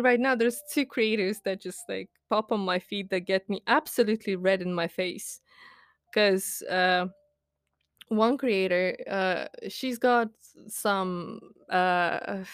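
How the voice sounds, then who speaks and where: A young adult woman hosts a podcast, ranting casually in a diary style, rambling with lots of fillers. She's candid and self-mocking, laughing often at herself. Her mid-range voice is recorded dry at studio quality.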